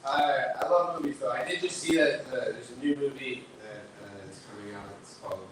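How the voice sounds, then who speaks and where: Rambling young comic in an echoey bar. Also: male voice, medium pitch, a little fast, recorded from a distance. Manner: rambling, filler-heavy delivery with lots of "like" and "uh". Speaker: stand-up comedian. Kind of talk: stand-up set at an open mic. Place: small bar performance space. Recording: echoey room picked up from afar, noisy.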